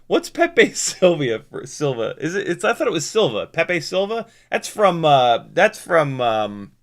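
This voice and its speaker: A man's voice: fairly high pitch, very animated, a little slow. A man reading out chat on a casual live stream from his home workshop, rambling with self-mocking asides and frequent restarts.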